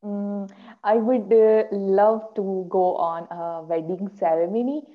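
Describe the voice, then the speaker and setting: A woman's voice: medium pitch, steady tone. Careful woman on a tinny call line. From Pakistan. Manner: careful, pausing with fillers. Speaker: workshop participant. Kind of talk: casual chat on a video call. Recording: tinny phone-like call audio.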